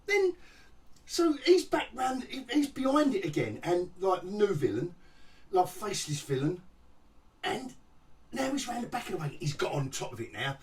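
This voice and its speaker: A man's voice: high voice, sing-song, normal speed, a little mellow. A man rambles through a sarcastic review of a TV episode, his voice leaping up and down as he mocks it. He restarts sentences and chuckles at the show. He sounds slightly distant from the microphone. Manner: mocking, rambling, restarts often, laughs at the show. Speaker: TV review vlogger. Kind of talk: sarcastic casual review rant.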